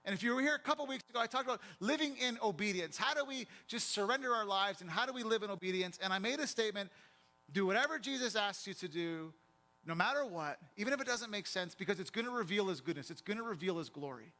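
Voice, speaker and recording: A pastor preaching a sermon in church, telling a story in a vivid, conversational way. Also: male voice, sits high, expressive, quick pace, sharp tone.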